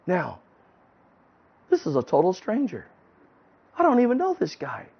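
A man telling a personal testimony in an earnest, halting way, often restarting his sentences. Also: high voice, huge pitch swings, gravelly, slightly rough. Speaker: testimony speaker. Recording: dull lo-fi recording.

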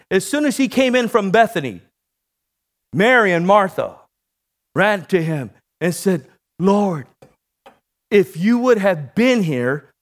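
Animated high-pitched male preacher. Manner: call-and-response preaching, rising to shouts. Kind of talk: sermon.

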